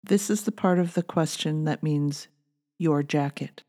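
Low-voiced woman narrating a language lesson. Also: unhurried. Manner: calm, clear teaching delivery. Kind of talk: scripted instructional narration.

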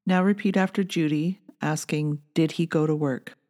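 A woman with a notably low voice reads out a language lesson. She guides the learner step by step in a calm, clear teaching manner. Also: moderate pace. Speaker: language course narrator. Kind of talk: scripted instructional narration.

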